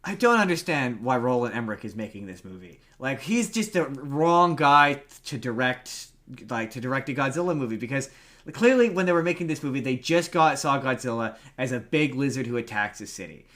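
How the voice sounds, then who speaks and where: Over a remote call, a man with a mid-range, slightly bright voice and lively intonation co-hosts a podcast at a brisk pace. He rambles casually about movies, full of restarts and fillers.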